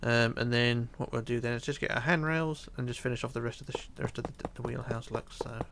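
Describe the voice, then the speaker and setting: This tutorial host sounds worn out, yawning as he talks through a building session in a casual game and muttering block counts to himself. He speaks quickly at a medium pitch, laid-back and occasionally near a whisper, over a noisy background.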